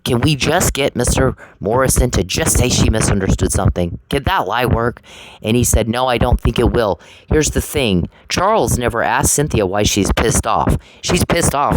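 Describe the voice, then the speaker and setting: Ranting straight at someone she's at odds with, a woman speaks in a rumbling low voice over background noise. It's an angry to-camera vlog, sarcastic, profane and confrontational, with frequent repetition.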